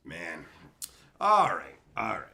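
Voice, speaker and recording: Male host, furious profane rant, very animated pitch, echoey room sound. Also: slow, vocal fry. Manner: profane, heated, swings from shouting to muttering. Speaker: channel host. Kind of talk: angry rant to camera.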